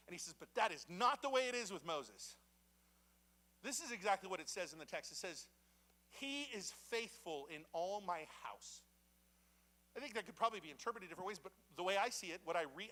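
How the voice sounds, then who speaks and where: Male pastor, young adult, high bright voice, conversational sermon that acts out its quotes. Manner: animated, conversational preaching with dramatic voiced quotes. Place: church sanctuary.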